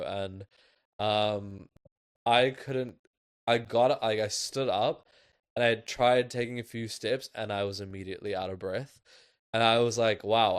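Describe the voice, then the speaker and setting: A young man with a low, smooth voice tells a long personal story on a podcast. He rambles casually and peppers his sentences with fillers. The sound is dry and close-miked. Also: no echo. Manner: loose, filler-heavy storytelling with lots of "like". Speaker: podcast host.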